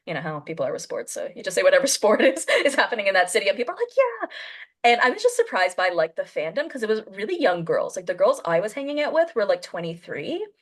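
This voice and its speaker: A woman hosting a podcast over a video call, telling a story in a casual, animated way and acting out the voices of the people she quotes. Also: mid-range voice, fast talker, hardly any pauses.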